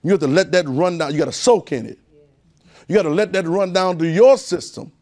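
Male preacher, sermon delivery, folksy asides to the congregation, climbs in pitch and volume on key points. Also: fairly quick, a little mellow. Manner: call-and-response preaching, building in pitch and volume.

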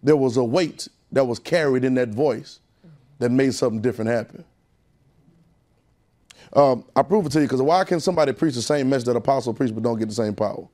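Male preacher, sermon delivery, folksy asides to the congregation, climbs in pitch and volume on key points. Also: a little fast, mellow. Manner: call-and-response preaching, building in pitch and volume.

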